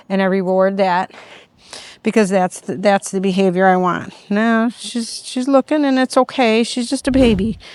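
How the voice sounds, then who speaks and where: Calm middle-aged woman training a puppy outdoors. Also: clean tone, dry recording. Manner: calm explaining, with high sing-song praise calls to a puppy. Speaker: dog owner and trainer. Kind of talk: casual training vlog narration. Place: outdoors on a neighborhood walk.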